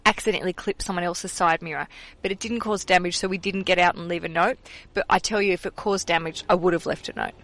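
A woman's voice: on the low side, steady tone, quick pace, vocal fry, a bit bright. A young Australian woman hosting a podcast, chatting casually and laughing easily, recorded in a car. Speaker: podcast host. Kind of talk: casual chat.

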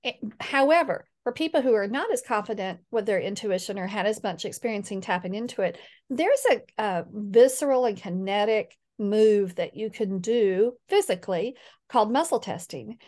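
A middle-aged woman speaking as a guest in a conversational interview, earnest and animated when she quotes others. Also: mid-range voice, moderate pace. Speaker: guest, healing coach.

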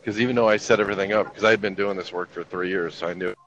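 Man in his 50s, low-voiced, easygoing storyteller swearing freely; dull lo-fi recording with faint room hum. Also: steady tone, rapid-fire, fairly bright tone. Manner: laid-back, profane, wry anecdotal delivery. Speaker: guest telling army stories. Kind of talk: casual storytelling chat.

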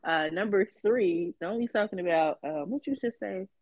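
A woman co-hosting a podcast. Her voice is hoarse as it recovers, and she chats in a teasing, animated way with some swearing. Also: medium pitch, normal speed, dry recording, phone-quality sound. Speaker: podcast co-host. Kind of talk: casual chat.

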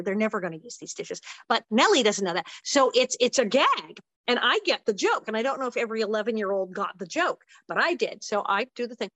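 A woman guest in an interview telling an animated story, acting out the voices of the people in it. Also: dry recording. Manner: lively, acts out quoted voices with big pitch jumps.

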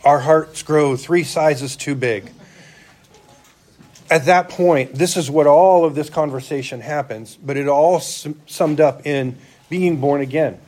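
A man's voice: a little high, takes it slowly, darkish tone. A man preaching a sermon as a church elder, talking conversationally and asking his listeners rhetorical questions.

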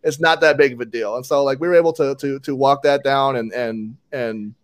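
Fast-talking man telling a paintball story. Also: medium pitch. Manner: animated, acts out quotes. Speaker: paintball player. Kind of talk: casual storytelling chat.

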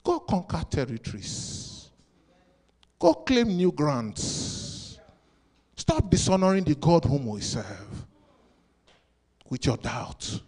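A pastor preaching a sermon, asking rhetorical questions and bursting into sudden loud shouts. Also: male voice, a little high, big pitch swings, slow pace, long pauses.

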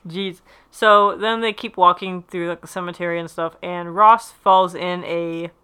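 A woman's voice: on the low side, fairly even intonation, a little slow, pushed and bright, clean tone. A young woman on a podcast, recapping an episode in casual chat, rambling with many "like"s and acting out the quotes. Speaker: podcast co-host.

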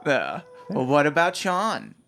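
Animated, laughing male storyteller. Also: a little high, takes it slowly, gravelly. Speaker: podcast co-host. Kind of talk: casual chat.

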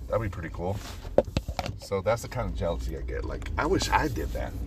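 A man hosting a casual solo podcast, thinking out loud in a rambling, profane way, recorded on a phone. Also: deep voice, sing-song, a little fast, background noise. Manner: rambling, profane, brainstorming aloud. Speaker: podcast host.

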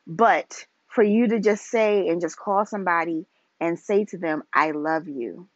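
A woman hosting a casual solo podcast, talking in a relaxed, chatty way and often restarting her phrases. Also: mid-range voice, normal speed, no echo, muffled recording. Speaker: podcast host.

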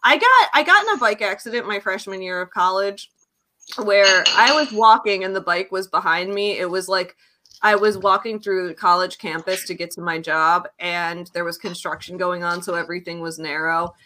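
Bright-voiced chatty young woman. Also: fairly low pitch, moderate pace, slight background noise. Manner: chatty, laughs often, many fillers. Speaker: podcast co-host. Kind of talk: casual chat.

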